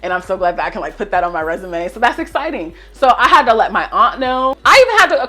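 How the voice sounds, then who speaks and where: A young woman vents a storytime grievance to her followers, her voice sitting a little high. She talks in animated bursts and swears freely. Quiet music plays faintly behind her. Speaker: vlogger. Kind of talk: storytime rant.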